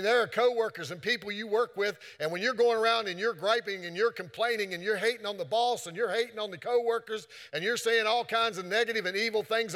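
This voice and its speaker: A man's voice: high voice, a bit bright. A man preaching a sermon in an earnest, repetitive way, quoting scripture often.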